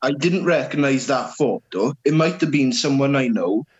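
A man's voice: mid-range voice, lively intonation, normal speed, breathy edge, muffled recording. A man from Wales, chatting casually and hesitantly. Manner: hesitant, many fillers and restarts. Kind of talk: casual chat.

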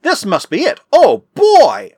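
A man voicing an eager, excitable young male inventor in a storybook reading, all exclamations. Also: fairly high pitch, fast talker, husky, dry recording, clean studio sound, full character voice. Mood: excited.

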